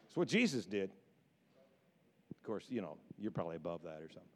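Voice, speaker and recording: A man preaching a sermon as pastor, animated and jokey, swinging from hushed asides to excited shouts. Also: low-pitched, normal speed, long pauses.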